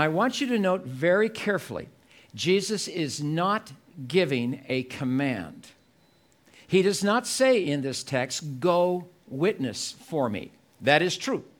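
A man preaching a sermon at a church service, slow and emphatic, repeating key phrases for effect. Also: fairly high pitch.

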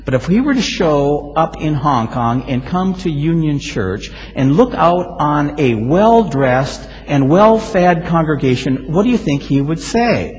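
A male pastor preaching a sermon, telling stories with lively swings and sudden loud exclamations. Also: fairly high pitch, measured pace, few pauses, lo-fi sound. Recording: hall reverb.

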